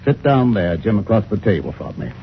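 An actor playing a gentle, fretful village vicar in a 1940s radio play, on a dull old recording. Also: male voice, lowish voice, sing-song, fairly quick, a little hiss or hum. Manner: earnest and fretful.

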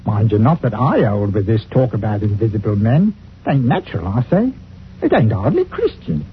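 Village greengrocer, folksy, deferential, lively pitch, tinny old radio recording. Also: male voice, moderate pace, slight background noise. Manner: folksy, deferential, with dropped grammar. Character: chatty village greengrocer and church bell-ringer, deferential man. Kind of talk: 1940s radio acting.

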